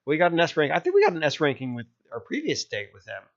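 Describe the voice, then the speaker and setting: Joking male streamer, lively voice. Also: fairly high pitch, quick pace. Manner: jokey, switches between narration and character voices. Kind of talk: voicing a dating game playthrough. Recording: slightly dull lo-fi sound with faint music.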